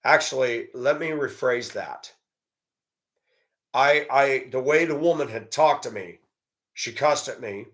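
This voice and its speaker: A man's voice: medium pitch, a little slow, long pauses, fairly bright tone. A man giving a blunt, profane, indignant monologue and telling a story about a run-in. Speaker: commentator. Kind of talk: ranting monologue.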